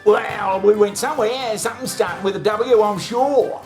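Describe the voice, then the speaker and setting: Crude comic host, self-bantering, heavy swearing, music bed. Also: male voice, high voice, moderate pace. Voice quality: crude, swearing, laughing at own jokes. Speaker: comedy show host. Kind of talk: comic monologue, bantering with himself.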